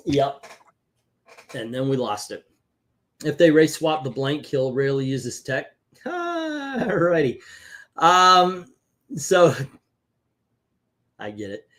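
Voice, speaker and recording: A man hosting a casual comic book review chat, talking in an animated, chatty way and laughing easily. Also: medium pitch, slow pace, long pauses. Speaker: comic book show host.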